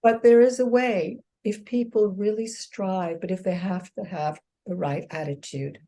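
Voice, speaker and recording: A woman's voice: mid-range voice, steady tone, measured pace, warm tone. Earnest woman reflecting in an interview. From United States. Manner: earnest, reflective, with restarts and light laughs. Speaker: author and exercise therapist, guest. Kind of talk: casual interview conversation.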